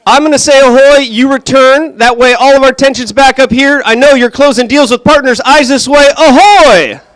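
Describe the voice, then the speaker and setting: A man's voice: extremely high pitch, steady tone, a little fast, fairly bright tone, no echo, low-quality recording. A man hosting a live kickoff event as its director, joking with the crowd and walking through the rules. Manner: upbeat, joking crowd work. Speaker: event host and center director. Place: event room with an audience.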